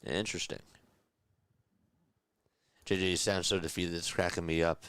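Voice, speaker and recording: A young man doing quiet radio-style play-by-play, keeping his voice down and chatting calmly between pitches. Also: fast, clear, resonant tone, dry recording. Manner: calm, hushed, keeping voice down; reads chat messages aloud between pitches. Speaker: play-by-play host.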